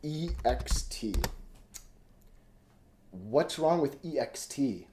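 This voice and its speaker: A man's voice: medium pitch, animated, very slow, darkish tone, a little hiss or hum. A man hosting a casual live stream from home, rambling and thinking aloud as he reads stock charts. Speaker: stock chart analyst host. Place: home room.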